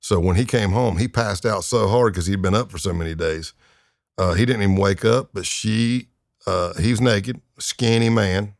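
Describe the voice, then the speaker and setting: Man in his 50s, gravelly and low, dry close sound; relaxed, wry podcast storyteller. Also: moderate pace, no echo. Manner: laid-back, wry, laughs while telling stories. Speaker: guest, retired undercover agent. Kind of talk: anecdotal storytelling in a podcast interview.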